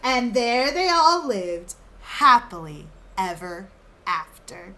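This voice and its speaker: A woman reading a storybook aloud to children like a teacher, expressive, and pausing to ask them questions. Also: medium pitch. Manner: expressive, asking the listeners questions.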